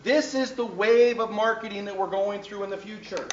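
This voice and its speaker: A man's voice: high-pitched, fairly even intonation, moderate pace, distant mic, slight background noise. A man teaching a class, telling a story and often checking in with his students. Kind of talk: classroom lecture. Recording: echoey classroom taped from afar, dull.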